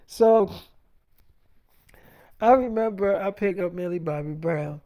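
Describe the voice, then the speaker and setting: A woman's voice: lowish voice, takes it slowly, highs cut off. A woman casually retelling a made-up story in slangy speech, full of quoted dialogue. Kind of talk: freestyle storytelling.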